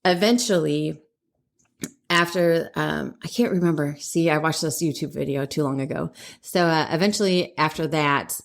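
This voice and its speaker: A woman chatting casually as a podcast co-host. Her voice sits low. She wanders through her points, stops to correct herself and laughs along the way. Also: normal speed, vocal fry. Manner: rambling, self-correcting, laughs often. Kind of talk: casual chat.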